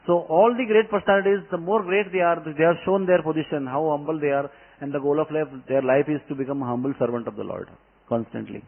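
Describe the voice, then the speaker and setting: A man's voice: a little high, vocal fry. A man giving a devotional scripture class, telling stories with emphatic delivery. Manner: storytelling, emphatic. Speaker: spiritual teacher. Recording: tinny phone-like line.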